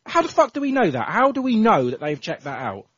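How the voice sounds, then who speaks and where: A man's voice: high-pitched, wildly swooping pitch, fairly quick, fairly bright tone, slightly rough, no room sound. A man co-hosting a casual football podcast, ranting in exasperation and swearing often. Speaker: podcast co-host. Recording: dull lo-fi podcast audio.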